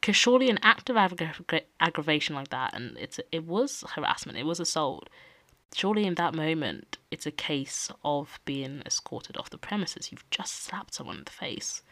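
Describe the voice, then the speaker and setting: A young woman hosting a podcast, talking in a casual, animated way and acting out quotes. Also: low voice, no echo. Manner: animated, acts out quoted people. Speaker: podcast host. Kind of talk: casual opinion talk.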